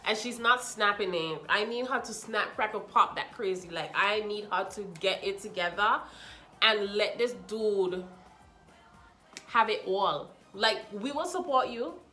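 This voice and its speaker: A young woman chatting casually as she reviews a reality show, sassy and animated, acting out what people said with mocking asides. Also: medium pitch, unhurried, reverberant, faint music behind.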